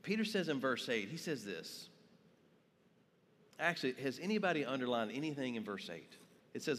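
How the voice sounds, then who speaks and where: A man's voice: mid-range voice, lively intonation, brisk, fairly bright tone, big-room sound. A man preaching a sermon as pastor, telling stories and asking his congregation questions. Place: church sanctuary.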